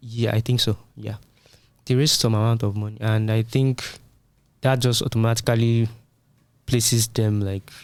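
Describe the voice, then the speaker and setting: Podcast co-host, male, low register, dry close sound, casual explainer. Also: level tone, moderate pace, dry recording. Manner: explanatory, uses everyday analogies. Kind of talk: casual tech discussion.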